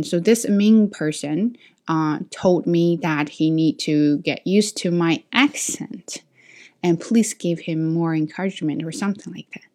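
A woman teacher with a fairly low voice, not a native English speaker, talks to her students in an unhurried, reflective way. She often restarts and corrects herself mid-sentence as she works through her thoughts. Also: a little mellow.

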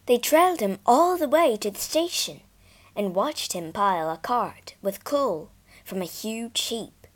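A woman narrating a children's storybook slowly and expressively. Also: a little high. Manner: slow and expressive.

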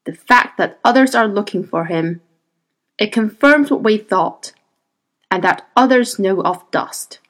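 A woman's voice: medium pitch, expressive, a little slow, fairly bright tone. A woman voicing a fanatical, dying male zealot in an audiobook, speaking harshly and solemnly. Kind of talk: audiobook character reading.

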